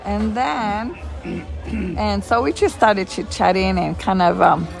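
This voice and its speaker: A woman's voice: medium pitch, animated, slow pace, gravelly, faint music behind. A woman in her fifties casually telling a story in a restaurant, acting out both sides of old conversations. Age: 50s. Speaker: interviewee telling how she met her husband.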